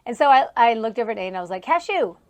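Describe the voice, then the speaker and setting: A woman's voice: a little high, rapid-fire. A woman in her thirties hosting a casual podcast, telling rambling stories with frequent laughter, recorded outdoors on a farm. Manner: chatty, laughs often, rambling asides. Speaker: podcast host. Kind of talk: casual solo podcast storytelling. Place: outdoors near a horse trailer on a farm.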